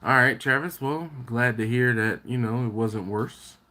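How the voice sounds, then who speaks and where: Rambling barbecue host chatting live. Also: male voice, medium pitch, a little slow. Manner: rambling, self-correcting, thanks viewers warmly by name. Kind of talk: casual live-stream chat, reading viewer comments. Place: at home.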